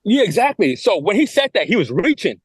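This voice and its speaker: A man tells his story fast, his fairly high voice leaping up and down as he acts out other people's lines. He often restarts and repeats words. The sound is close and dry, with no room in it. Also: sing-song, slightly rough, no echo. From New York. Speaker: guest telling his story. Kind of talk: animated storytelling on a podcast.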